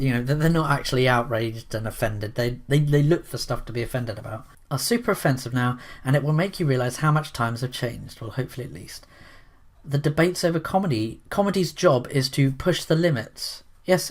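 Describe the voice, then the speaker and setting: A man's voice: mid-range voice, brisk. A man giving opinionated commentary in a rambling, sarcastic way, full of restarts and asides. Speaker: commentary vlogger.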